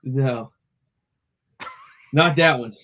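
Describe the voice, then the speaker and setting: A man's voice: medium pitch, slow pace, heavy background noise. A man, casually telling a story on a podcast and acting out what people said. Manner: laid-back storyteller, acts out quotes. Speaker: podcast co-host.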